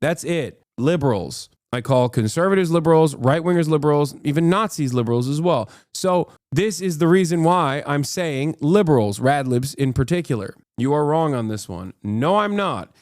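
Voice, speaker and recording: A man's voice: a little high, lively intonation, a little mellow, dry recording, clean studio sound. A man streaming live reaction commentary, ranting combatively, swearing a lot and cutting himself off with fillers. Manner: fast, with many fillers and self-cut swear words. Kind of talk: casual livestream reaction commentary.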